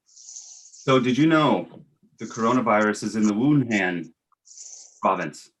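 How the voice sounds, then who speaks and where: A man's voice: fairly low pitch, expressive, measured pace, fairly bright tone, rough recording. Man playing a pompous, rambling fake doctor. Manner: mock-serious, pompous, rambling with restarts. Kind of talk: satirical comedy talk show.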